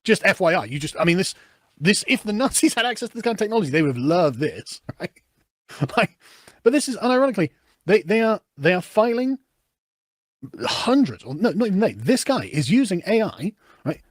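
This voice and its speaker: A man commenting on news clips in a sarcastic, swearing, animated rant. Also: high voice, no echo, studio quality. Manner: fast, animated, sarcastic, swears and laughs often. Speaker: political commentator.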